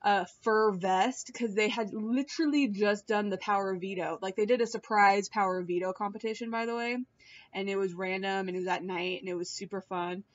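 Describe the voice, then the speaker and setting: A woman in a casual, rambling chat to her viewers, filmed on a laptop mic at home, swearing and laughing often. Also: mid-range voice. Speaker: vlogger. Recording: dull lo-fi laptop audio.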